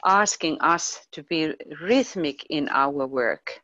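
A woman with a very low voice speaks in a casual discussion, often pausing to search for words. The recording is dry and muffled, with a lo-fi sound. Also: expressive, bright, forceful tone, no room sound. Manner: searching for words, many fillers. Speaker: discussion participant.

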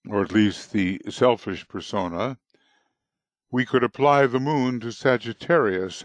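A man giving an unscripted astrology lecture with a hoarse morning voice, explaining in a halting, deliberate way. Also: mid-range voice, no room sound. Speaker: astrology teacher.

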